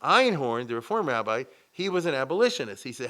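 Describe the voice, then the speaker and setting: A man, a rabbi, giving a lively, conversational history lecture and checking in with his listeners often. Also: medium pitch, brisk. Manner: animated, frequent check-ins with the audience.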